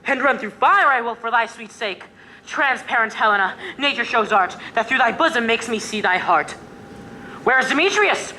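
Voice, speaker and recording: A woman's voice: fairly high pitch, expressive, moderate pace, bright, forceful tone, slight background noise. A young woman playing an ardent young male lover in a school stage play, declaiming verse earnestly. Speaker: student actor.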